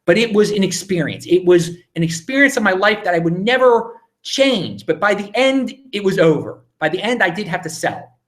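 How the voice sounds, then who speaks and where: A man in his thirties from Baltimore, hosting a casual live Q&A at home, rambling and excitable with many restarts. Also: sits high, moderate pace, few pauses. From Baltimore, USA. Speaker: livestream host answering viewer questions. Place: home, indoors.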